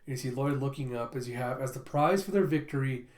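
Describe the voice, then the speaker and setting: A man hosting an anime reaction video, recapping scenes excitedly and reading every character's lines himself. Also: mid-range voice, fast talker. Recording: roomy echo.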